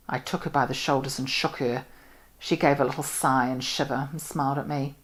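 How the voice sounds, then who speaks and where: A woman from New Zealand reading a novel aloud in an expressive, measured way. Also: a bass voice. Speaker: audiobook reader.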